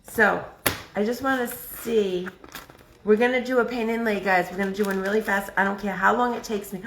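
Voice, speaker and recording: A woman hosting a casual live craft stream, chatty and excitable, thinking out loud as she works. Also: medium pitch, normal speed, reverberant, a little hiss or hum. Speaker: craft livestream host.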